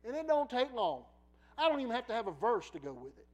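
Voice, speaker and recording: A middle-aged man preacher telling a personal story in a sermon, laughing often and swinging from quiet asides to loud bursts. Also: extremely high pitch, very animated, fast talker, low-quality recording.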